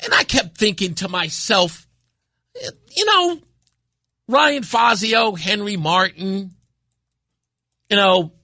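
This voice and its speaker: High, lively, indignant talk radio man. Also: slow, pauses often, no echo, studio quality. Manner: indignant, emphatic, repeats himself. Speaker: radio talk show host. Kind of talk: political talk radio commentary.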